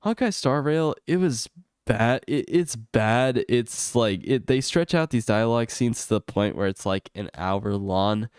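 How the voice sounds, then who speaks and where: A man on a stream venting in a loose, profane rant, his voice smooth and resonant in a dry, close sound with no room echo. His frustration builds until his pitch shoots up high, then settles back to a medium-toned grumble. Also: unhurried. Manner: exasperated, swearing rant that climbs high when heated. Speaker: gaming streamer. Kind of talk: unscripted ranting stream commentary.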